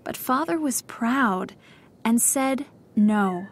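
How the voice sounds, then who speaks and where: A lonely young woman in mourning speaks softly and wistfully, as a woman reader puts her on. Her voice sits above the narrator's and moves slowly. It is a quiet storybook voice. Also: on the high side, expressive, pitched above the performer's own voice, exaggerated voice. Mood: sorrowful.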